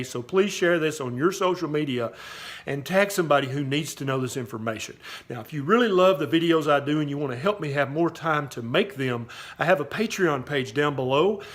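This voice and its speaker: A man with a Southern US accent giving emphatic, folksy health advice straight to camera as a doctor, often checking with "okay?". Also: a little high. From Southern US, Tennessee. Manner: emphatic, folksy, repeats "okay?" to drive points home. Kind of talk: direct-to-camera health talk.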